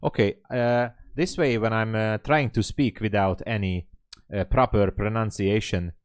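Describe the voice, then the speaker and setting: A man's voice: lowish voice, no echo, studio quality. A man hosting a live day-trading stream, thinking aloud, greeting viewers in chat and laughing often. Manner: relaxed, halting, many fillers. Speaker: day-trading livestream host. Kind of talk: live commentary while trading and reading chat.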